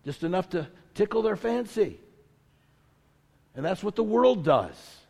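A man's voice: high voice, sing-song, unhurried, a little mellow. A male pastor delivering a sermon, emphatic and repetitive as he builds to his points, in a church sanctuary. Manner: preaching with rising intensity, emphatic repetition. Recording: long reverb of a large hall.

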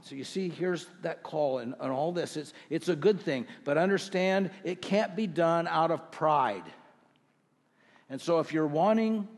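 A middle-aged male pastor preaching a sermon to his congregation, earnest, with rhetorical questions and slow scripture readings. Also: on the high side, a little mellow, in a large hall. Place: church sanctuary.

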